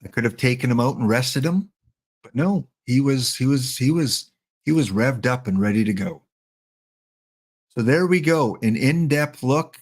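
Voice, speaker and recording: A middle-aged man giving chatty, joking live-stream commentary while playing a baseball sim, excited and wired on coffee. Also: mid-range voice, moderate pace. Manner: chatty, joking, talks to chat bots.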